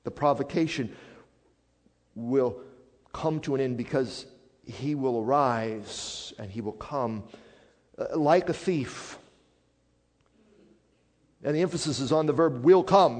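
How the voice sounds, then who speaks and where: A man preaching a sermon as a pastor, swinging from hushed, quiet passages up to loud, emphatic declarations. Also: mid-range voice, moderate pace, vocal fry, pauses often. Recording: long hall reverb.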